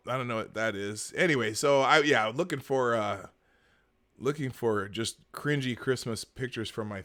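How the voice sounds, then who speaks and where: A man's voice: lowish voice, a bit bright. Laughing, rambling male live-show host. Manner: rambling, sarcastic, laughs often, many fillers. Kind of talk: casual live-stream commentary.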